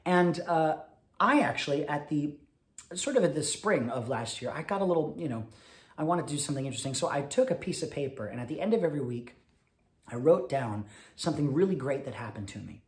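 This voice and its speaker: A man, a cabaret singer, giving chatty stage patter between songs and telling a story quickly, with many fillers. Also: on the high side, expressive. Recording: roomy sound over loud piano.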